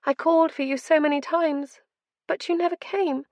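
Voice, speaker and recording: A woman's voice: high voice, slow, no echo, pitched above the performer's own voice. A tearful, ghostly mother pleads in a raised, aching voice, as a woman narrator puts her on. The storybook apparition sounds grief-stricken and desperate. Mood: pleading.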